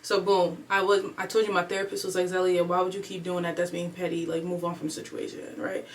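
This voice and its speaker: A woman in her twenties, chatting alone at home in a casual storytime vlog, animated and replaying her own thoughts aloud. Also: lowish voice, fast talker, far from the mic, a little hiss or hum. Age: 20s. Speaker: vlogger. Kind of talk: casual storytime chat to camera.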